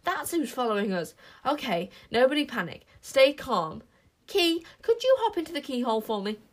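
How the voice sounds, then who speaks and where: A woman voicing an urgent, excited young girl. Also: high voice, normal speed, pitched above the performer's own voice.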